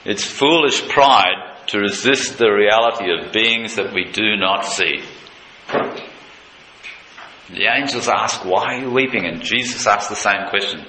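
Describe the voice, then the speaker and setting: A male preacher giving a sermon, retelling a scene with passion, dropping low and quiet and then leaping high with excitement. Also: takes it slowly. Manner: impassioned, leaps from low intimacy to high excited pitch. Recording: echoey room with faint noise.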